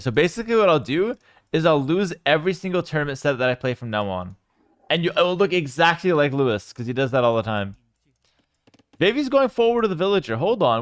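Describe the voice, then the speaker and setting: A young man casting a strategy game live and chatting with his viewers, with sudden bursts of excitement. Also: on the high side, no room sound, clean studio sound. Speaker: game streamer and caster. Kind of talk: live game commentary with chat.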